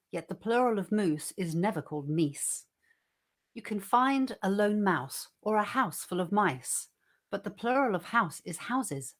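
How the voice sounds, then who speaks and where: A woman co-hosting an online show, reading a poem aloud in a measured, rhythmic way and then chatting casually over a video call. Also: mid-range voice. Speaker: co-host reading poems. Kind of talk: poetry reading and casual chat.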